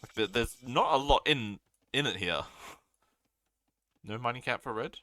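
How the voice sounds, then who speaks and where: A man from Australia casting a strategy game live, reacting eagerly to plays and answering chat. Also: medium pitch. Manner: excitable, quick reactions, reads viewer chat aloud. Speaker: caster.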